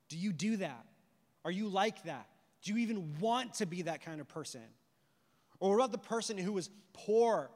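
A man preaching a sermon with animated storytelling and rhetorical questions. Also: high-pitched, in a large hall. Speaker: pastor.

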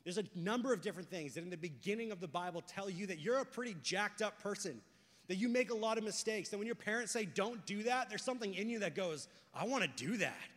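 A young man preaching a sermon, talking casually and telling stories, going from hushed to loud and excited. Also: high-pitched, fast talker. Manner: conversational, storytelling, swings from hushed to loud and excited. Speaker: pastor. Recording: long hall reverb.

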